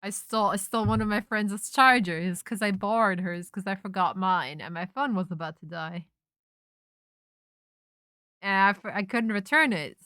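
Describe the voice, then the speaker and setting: A young woman streamer in casual chat, telling a rambling, animated story full of restarts and self-interruptions. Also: medium pitch, normal speed, no room sound, studio quality. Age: young adult.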